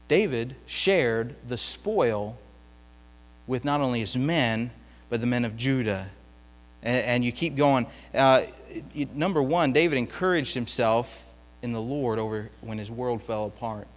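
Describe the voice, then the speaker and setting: A man teaching a Bible lesson in Sunday school, reading verses aloud and swelling into loud, impassioned pleading. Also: mid-range voice, measured pace, big-room sound.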